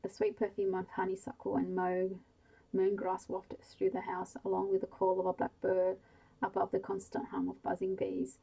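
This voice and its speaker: A woman reading a bedtime story aloud slowly and softly, in whispered role-play. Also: medium pitch, monotone, creaky, slightly rough, low-quality recording. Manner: slow, hushed bedtime reading.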